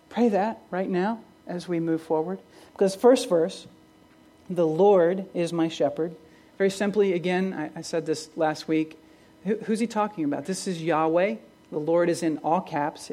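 A woman's voice: lowish voice, mellow. Earnest woman preaching a sermon. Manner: earnest, rising emphasis on key phrases; asks the congregation rhetorical questions. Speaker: pastor.

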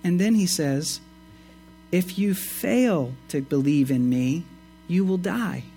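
A man preaching a sermon, reading scripture and explaining it with emphatic rises and quiet asides. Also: slow, faint music behind. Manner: expressive, swings between emphatic rises and low asides. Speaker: pastor.

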